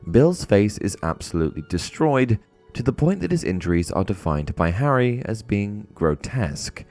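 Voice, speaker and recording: Male explainer host, scripted and dramatic, very deep voice with lively swings, faint music behind. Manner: expressive storytelling with dramatic emphasis. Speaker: host of a fan explainer channel. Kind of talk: scripted narration.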